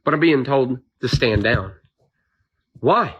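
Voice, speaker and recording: Speaking at a normal pace in an animated mid-range voice, a volunteer with drones and trucks pleads on video, frustrated at being told to stand down and repeating himself. The recording has its highs cut off.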